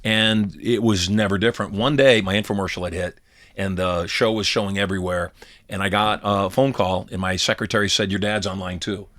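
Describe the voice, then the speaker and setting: A middle-aged man with a low voice talks on a podcast. He tells personal stories with a steady delivery and slips into quoted dialogue as he goes. He is recorded on a studio mic. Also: fairly quick. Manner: storytelling, acts out quoted dialogue. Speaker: podcast co-host. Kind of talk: casual podcast conversation.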